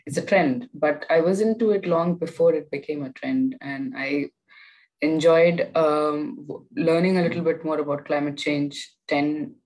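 Young female student guest, low voice, chatty, rambling delivery full of fillers. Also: a little mellow, poor audio. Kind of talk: casual interview.

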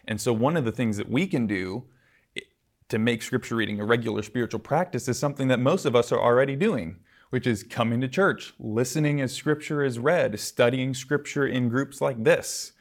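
A man's voice: medium pitch, normal speed. A man giving a conversational church lecture, earnest and casual, with asides and fillers. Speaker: church teacher.

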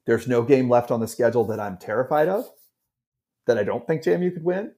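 A middle-aged man co-hosting a casual sports podcast, animated and rambling with frequent restarts. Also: mid-range voice, brisk. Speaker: podcast co-host.

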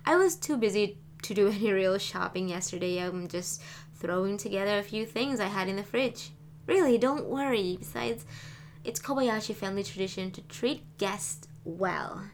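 A woman reading aloud, voicing a chatty, frank young woman who talks in a lively, animated way. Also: mid-range voice, moderate pace, a little hiss or hum, lightly acted. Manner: animated, talkative. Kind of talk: audiobook reading.

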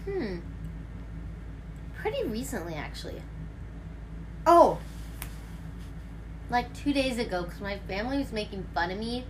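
A woman's voice: on the high side, a little slow, pauses often, slight background noise. A woman hosting a casual chat at home, rambling through stories with lots of fillers. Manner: rambling, filler-heavy, animated storytelling. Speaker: host.

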